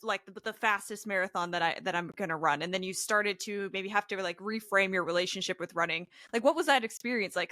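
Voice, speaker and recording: A woman's voice: medium pitch, pushed and bright, no echo, studio quality. A woman hosting a podcast interview, asking long questions in a chatty way with plenty of filler words. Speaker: podcast host.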